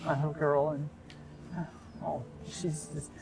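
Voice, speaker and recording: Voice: medium pitch, little pitch movement, unhurried, creaky, a little mellow, rough recording. A player voicing a proud, protective Southern father with a folksy drawl. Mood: tender. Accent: American Southern (put on). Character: Southern dad of the party's friend, proud and protective.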